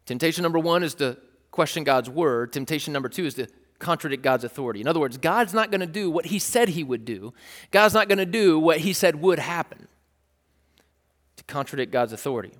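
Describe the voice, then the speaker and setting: A man's voice: a little high, expressive, fairly quick. A man preaching a sermon as a pastor, talking in a conversational, explanatory way with frequent "like" and restarts. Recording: long hall reverb.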